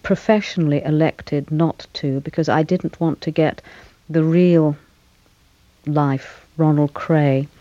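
A woman actress answering interview questions in a thoughtful, measured way, with fillers and small laughs. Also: sits low, mellow, no room sound, muffled recording.

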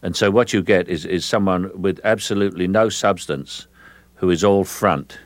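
In a dry, close recording with no room sound, an older Englishman interviewed on radio as an actor speaks in a very deep voice. Slow and measured, he often repeats words while gathering his thoughts.

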